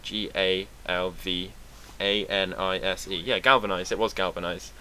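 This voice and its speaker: A young British man from England talking to camera in a casual, rambling vlog, sarcastic and quick to swear. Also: deep voice, steady tone, sharp tone, a little hiss or hum. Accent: British English. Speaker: vlogger.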